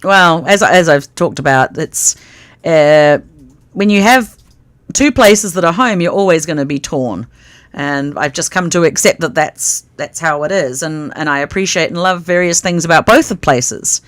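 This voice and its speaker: Woman, New Zealand accent, soft-spoken, thoughtful, slightly low voice, live-stream co-host. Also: moderate pace. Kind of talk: casual live-stream chat.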